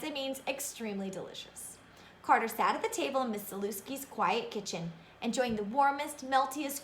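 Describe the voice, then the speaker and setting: A woman reading a children's novel aloud in an expressive way, with asides to her listeners. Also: fairly high pitch, echoey room, a little hiss or hum. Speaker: reader of a children's book.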